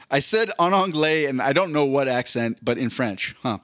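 A podcast co-host with a medium-pitched, fairly bright, expressive voice chats casually at normal speed, rambling, swearing, and often breaking into laughter mid-sentence. The recording is dry and clean, with studio quality.

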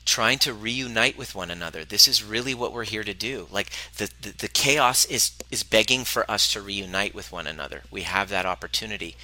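A man coaches a live group on relationships in a motivational talk, blunt and emphatic, swearing freely and repeating phrases to drive points home. His fairly low voice is brisk and sharp with hardly any pauses, and the audio is poor.

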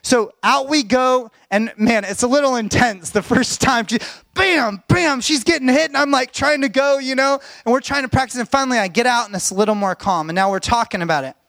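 A middle-aged man preaching to a congregation, telling a personal story in an animated way and shouting at its exciting moments. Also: very high voice, brisk, creaky, dry recording. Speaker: pastor. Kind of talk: sermon storytelling.

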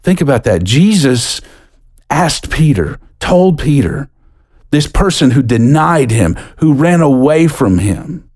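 A middle-aged American man preaching a sermon as a pastor, earnest, lifting his voice when stirred and dropping low and soft for scripture. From United States. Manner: earnest, builds with rising pitch and quickens when excited.

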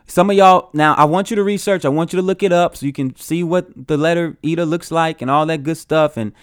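Guy teaching bible stuff, earnest, keeps restarting phrases, smooth clear voice, dry sound. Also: a little high, a little fast, dry recording.

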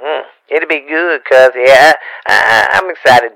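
A man's voice: on the high side, expressive, measured pace, vocal fry, bright, forceful tone, dry recording, poor audio. A man from Louisiana with a Cajun accent, chatting as a podcast guest in a rambling, stammering way with playful rhymes. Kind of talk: casual podcast banter.

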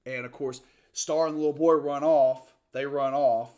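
A man in a casual chat, excitedly retelling movie scenes and acting out the lines. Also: medium pitch, normal speed. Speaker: movie reviewer.

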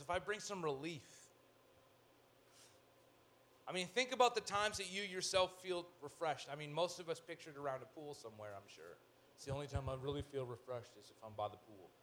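A male pastor delivers a lively sermon in a fairly high voice, tossing in jokes and swinging between loud emphasis and hushed asides. A faint room ambience hangs behind him. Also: slight background noise.

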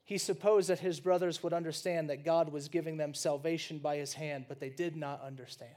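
High-voiced, animated preacher. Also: male voice, brisk. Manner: animated, conversational, with frequent restarts and asides. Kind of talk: sermon with acted dialogue.

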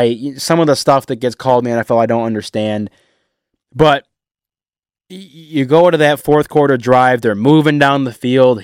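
A man delivering a heated, emotional sports rant to his viewers, animated and sarcastic. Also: fairly high pitch, clear, resonant tone, no echo, studio quality. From Detroit area. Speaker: sports fan vlogger. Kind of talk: ranting sports commentary.

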